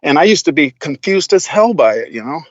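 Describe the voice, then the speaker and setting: A man tells stories as a podcast guest in a loose, casual way, laughing often and swearing freely. His voice sits a little high, and the sound is dull and lo-fi. The recording is dry. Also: big pitch swings, fairly quick, no echo. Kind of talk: casual storytelling.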